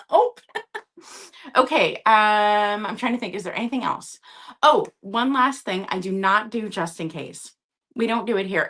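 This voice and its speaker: A woman's voice: on the low side, a bit bright. A woman hosting a live-stream vintage sale, chatty and casual, often checking in with her viewers.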